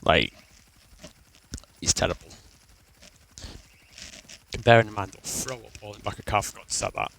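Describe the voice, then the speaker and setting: A young man with a low, gravelly voice tells a personal story in a loose, rambling way, swearing often and restarting his sentences. A faint hum of background ambience sits under the recording. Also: fairly bright tone, low-quality recording.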